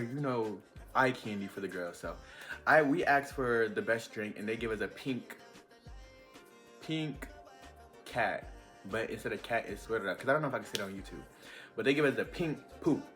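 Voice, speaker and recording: A young man telling a casual storytime vlog, chatty and animated with lots of fillers. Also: mid-range voice. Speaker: vlogger.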